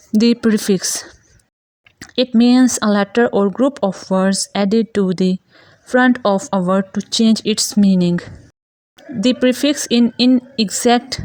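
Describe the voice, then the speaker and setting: Slow, measured woman reading grammar lessons. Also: medium pitch, darkish tone, no room sound. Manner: measured, reads definitions and word lists. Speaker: grammar teacher.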